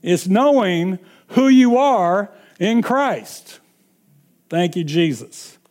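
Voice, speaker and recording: A man's voice: high voice, expressive, very slow, darkish tone. A man preaching a sermon, emphatic and repeating his points with frequent chuckles.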